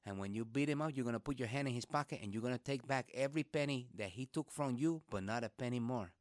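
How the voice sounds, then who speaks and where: A man doing a stern, gruff old father. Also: mid-range voice, quick pace, no room sound, studio quality, close to an everyday voice.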